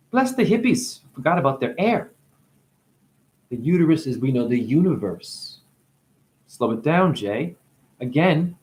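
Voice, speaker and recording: A man in a rambling spiritual monologue, free-associating through wordplay and profanity, dropping to hushed asides and breaking into crooning. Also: mid-range voice. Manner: profane, teasing. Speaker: spiritual talker.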